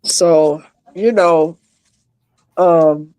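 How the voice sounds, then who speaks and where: A woman on a video call from home, a guest telling an emotional personal story on a live stream, halting and restarting as she speaks. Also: low voice, steady tone, dark tone, clean tone, no room sound.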